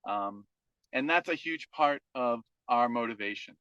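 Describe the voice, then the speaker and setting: A man's voice: mid-range voice, animated, measured pace, pushed and bright, smooth, dry recording, highs cut off. A man in his forties from New Hampshire gives an earnest personal testimony over a call, stacking repeated phrases. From New Hampshire, USA. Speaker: team member and guest speaker, teacher and father.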